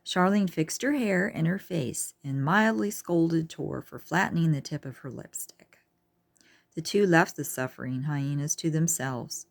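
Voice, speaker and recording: A woman reading a children's book aloud, unhurried, with chatty asides to her listeners. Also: sits low, gravelly, no echo. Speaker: reader.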